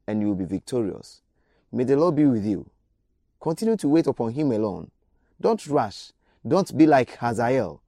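A man's voice: medium pitch, sing-song, normal speed, mellow, no room sound, clean studio sound. A man preaching a radio sermon, exhorting his listeners with repeated direct appeals.

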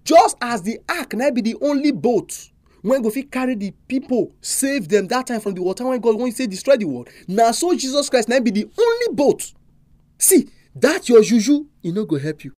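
A preacher with a Nigerian accent delivering a sermon, full of animated, emphatic rhetorical questions. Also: medium pitch, moderate pace, no echo.

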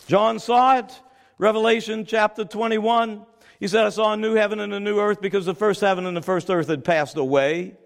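A man preaching a dramatic sermon, swinging between shouted declarations and hushed, pleading questions. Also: high voice, fairly even intonation, moderate pace, gravelly. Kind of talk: evangelistic sermon. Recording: long hall reverb.

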